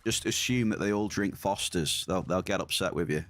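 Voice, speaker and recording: A man's voice: sits low, moderate pace, no echo. A man streaming a game, chatting casually with viewers and often repeating his words as he plays.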